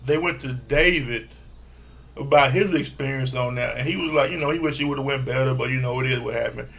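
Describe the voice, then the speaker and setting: A man giving a casual, animated recap of a reality show, swearing freely and acting out what people said. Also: mid-range voice, fairly quick, creaky. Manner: animated, profane, acts out quotes. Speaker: reality TV reviewer.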